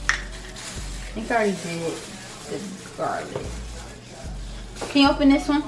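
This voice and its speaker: A woman's voice: mid-range voice, wildly swooping pitch, unhurried, heavy background noise. A young woman chatting casually and teasingly while she cooks for her channel. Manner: playful, teasing, slangy. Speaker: cooking vlogger. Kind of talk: casual cooking chat.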